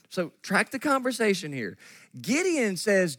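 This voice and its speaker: Lively pastor preaching slowly. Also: male voice, a little high, no echo. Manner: animated, acts out quoted voices of God and Gideon. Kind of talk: sermon. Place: church sanctuary.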